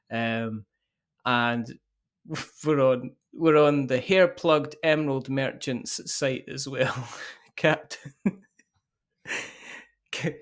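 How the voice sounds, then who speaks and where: A man's voice: mid-range voice, clean tone. A man hosting a podcast, signing off in a casual, jokey way, teasing his guests and chuckling often. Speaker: podcast host.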